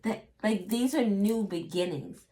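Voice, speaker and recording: A woman's voice: medium pitch, unhurried, dark tone. A woman giving a casual tarot reading, chatty and acting out little quotes in playful voices. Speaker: tarot reader.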